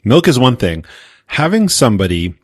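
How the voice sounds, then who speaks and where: A man co-hosting a movie review podcast, relaxed and emphatic in casual chat. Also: mid-range voice, moderate pace, husky, dry recording, studio quality. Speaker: podcast co-host.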